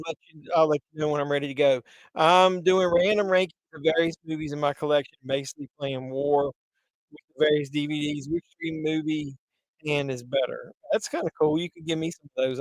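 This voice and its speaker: Male livestream host, slightly high-pitched, chatty and meandering, a little congested; dry close sound. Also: no echo, rough recording. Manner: rambling, chatty, many fillers. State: congested from pollen. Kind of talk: casual livestream chat.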